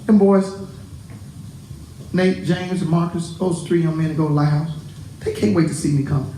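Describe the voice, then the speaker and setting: A pastor preaching a sermon to his congregation, animated and joking with them. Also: on the high side, moderate pace, reverberant, slight background noise, rough recording. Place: church.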